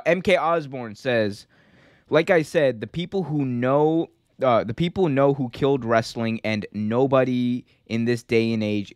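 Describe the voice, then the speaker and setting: A man's voice: medium pitch, no room sound, studio quality. A man hosting a casual wrestling podcast, talking loosely, rambling and laughing often. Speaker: podcast host.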